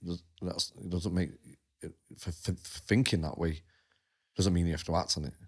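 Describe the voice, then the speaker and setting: A man's voice: sits low, fairly even intonation, normal speed, husky. A man, a coach co-hosting a podcast in casual chat, blunt and sweary, often repeating himself as he talks.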